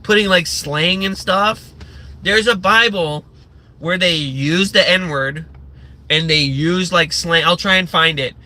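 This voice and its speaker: A man's voice: sits high, slow, pushed and bright. A man hosting a livestream, ranting in a sarcastic, profane and rambling way, full of fillers and restarts. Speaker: livestream host.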